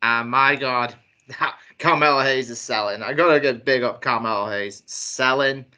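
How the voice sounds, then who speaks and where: A man's voice: mid-range voice, normal speed, bright, forceful tone. A man from Wales co-hosting a wrestling podcast, laid-back in casual chat. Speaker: podcast co-host.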